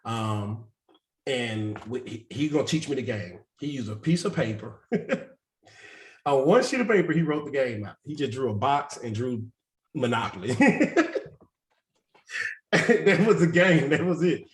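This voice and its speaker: A man's voice: mid-range voice, expressive, normal speed. A man who coaches real estate investing, telling candid stories with a loose, self-mocking manner and frequent laughter on a group video call. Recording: roomy echo.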